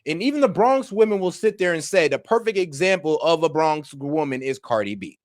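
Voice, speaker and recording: A man's voice: fairly high pitch, animated, fairly quick, no room sound, clean studio sound. A man co-hosting a reaction show, talking in casual, slangy, emphatic chat. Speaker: co-host reacting to a video.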